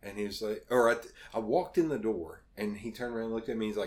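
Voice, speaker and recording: A man's voice: fairly low pitch, quick pace, a little mellow. A man telling casual stories as a podcast guest, acting out the voices he quotes and swearing freely. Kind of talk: casual storytelling.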